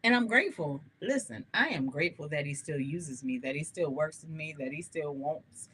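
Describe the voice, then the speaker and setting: Animated, laughing woman hosting gospel radio. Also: sits low, moderate pace, slight background noise. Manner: animated, laughing often, chatty and candid. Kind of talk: live-streamed radio talk, testimony.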